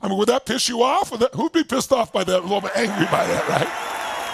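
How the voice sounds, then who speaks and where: A middle-aged man telling a story to an audience, acting out his partners' voices and shouting when he quotes anger. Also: high voice, a little fast. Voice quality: gravelly, husky voice. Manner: animated, shouting while acting out angry quotes. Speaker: motivational speaker.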